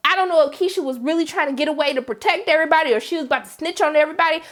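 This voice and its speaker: Animated woman recapping a TV episode. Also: high voice, racing. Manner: animated, slangy, acts out the scenes. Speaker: TV review vlogger.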